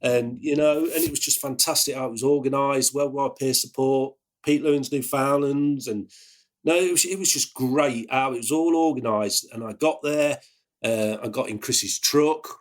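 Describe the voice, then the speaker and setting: A man with an English accent, an ambulance worker telling a personal story in a halting way, with many restarts. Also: mid-range voice. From England. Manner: halting, full of fillers and restarts.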